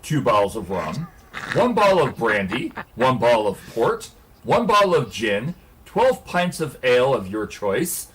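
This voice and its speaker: A man's voice: medium pitch, a little slow. A man telling a long story on a casual hangout stream, laughing and swearing as he goes. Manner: profane, laughing, animated storyteller.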